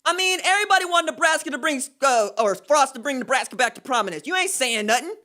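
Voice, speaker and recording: A man hosting a solo sports podcast, talking in an animated, emphatic trash-talking way with casual slang. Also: extremely high pitch, quick pace. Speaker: podcast host.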